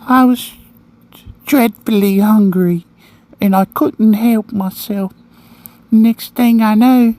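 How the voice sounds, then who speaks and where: A man's voice: sits high, steady tone, slow pace, pauses often, mellow, dry recording, pitched above the performer's own voice. A man voicing a polite, eerie little boy with a proper English accent who keeps apologizing. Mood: apologetic. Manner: prim and apologetic.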